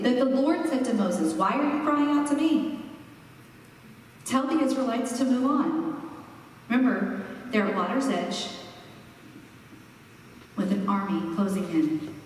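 A woman preaching a sermon, expressive and slowing down for emphasis. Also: on the high side, a little hiss or hum. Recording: echoey hall, mic far off.

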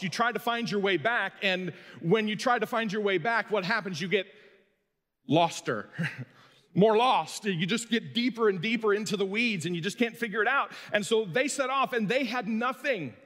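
A man's voice: sits high, a little fast, hardly any pauses, a bit bright. A middle-aged man, a pastor and coach, preaching a sermon in a folksy, storytelling, self-deprecating way. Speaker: pastor and high school coach. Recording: long hall reverb.

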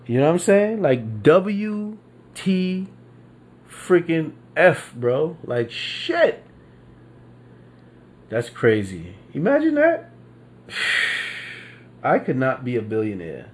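A man's voice: medium pitch, big pitch swings. A man hosting a casual solo podcast, ranting in disbelief, profane and rambling, with lots of repeats and fillers. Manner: drawn-out disbelieving emphasis. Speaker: podcast host.

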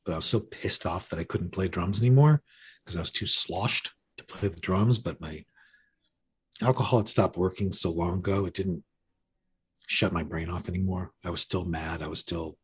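A man's voice: sits low, a little mellow, a little hiss or hum. A man in his fifties telling his recovery story in a candid, self-mocking way, full of restarts. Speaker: podcast guest. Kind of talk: recovery story told in casual conversation.

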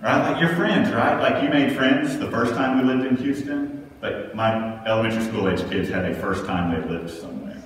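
A man's voice: mid-range voice, moderate pace, few pauses, slight background noise. A man in his thirties from Texas, preaching a sermon in a conversational way and often checking in with "right?". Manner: conversational, keeps asking "right?". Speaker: pastor. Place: large church sanctuary. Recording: echoey hall, mic far off.

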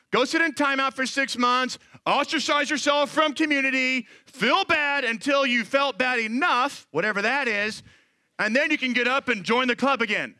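A man in his thirties preaching a sermon as pastor, animated and acting out quoted voices. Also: very high voice, dry recording.

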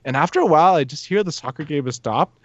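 A young man rattles through a story at a quick clip, animated and breaking into laughter, acting out the people in it. His voice is dry and close, with a slightly dull, lo-fi sound. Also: on the high side, no room sound. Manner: animated, laughs often, acts out quotes. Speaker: podcast guest telling a story. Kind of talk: casual storytelling.

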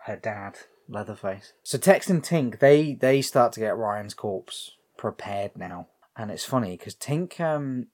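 A man's voice: on the low side, expressive, a little slow, hardly any pauses, a little mellow. A man with a British accent casually recapping a film as podcast co-host, telling it animatedly and swearing freely. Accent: British English.

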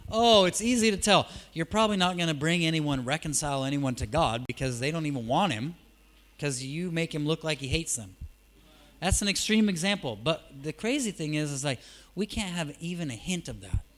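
A man preaching a sermon in a church, telling stories in a casual, conversational way, shifting from soft asides to loud emphatic peaks. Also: on the high side, expressive, fairly quick. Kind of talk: sermon with storytelling.

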